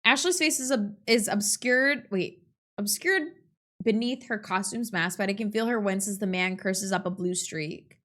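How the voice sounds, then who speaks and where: A woman's voice: medium pitch, normal speed, a bit bright. A young woman streamer reading a visual novel aloud and chatting with her viewers between lines. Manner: chatty, reacting and reading between asides to chat.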